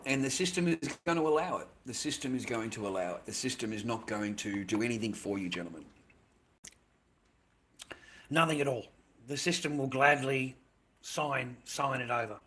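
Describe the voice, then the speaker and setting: A man's voice: mid-range voice, normal speed, a bit bright, a little hiss or hum. An Australian man chatting casually on a livestream, rambling and swearing constantly, with "mate" in almost every line.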